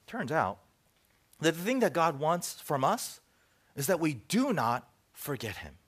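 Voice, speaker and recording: A middle-aged man preaching a sermon as pastor, telling stories and acting out bits of dialogue, then dropping to quiet asides. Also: on the high side, a little slow. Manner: animated storytelling, acts out dialogue, drops to soft asides.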